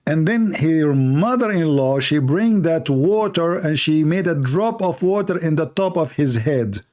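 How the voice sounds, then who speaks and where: A man's voice: a little high, animated, a little slow, darkish tone. A man hosting his own online show in a sarcastic, mocking monologue, speaking English with non-native grammar.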